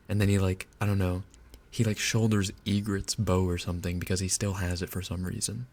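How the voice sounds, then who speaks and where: A man's voice: sits low, flat delivery, fairly quick, a little mellow. A man streaming live, ranting casually and with exasperation, swearing and laughing as he goes. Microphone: binaural dummy-head mic.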